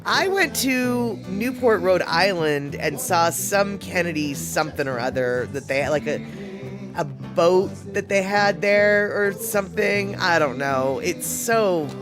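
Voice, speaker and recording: A woman's voice: lowish voice, expressive, unhurried, over music. A woman hosting a live stream, chatting casually and rambling with lots of fillers. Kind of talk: casual chat.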